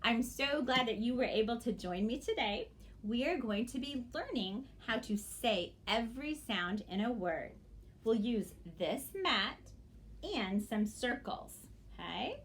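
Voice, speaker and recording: A woman teacher giving a phonics lesson to young children, stretching words out slowly and checking in with a gentle "okay?" after each step. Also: a little high, lively intonation, slight background noise. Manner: slow, exaggerated, sing-song teacher talk to young children.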